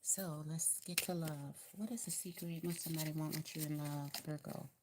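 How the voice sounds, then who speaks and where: A woman's voice: low voice, steady tone, moderate pace, heavy background noise. A woman with a Southern US accent giving a casual tarot card reading, chatty and encouraging, repeating her advice in a colloquial way. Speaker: tarot reader.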